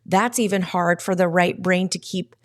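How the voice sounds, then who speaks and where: A woman guest on a podcast, telling a personal story in a casual, lively way and acting out the quoted dialogue. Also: on the low side, normal speed.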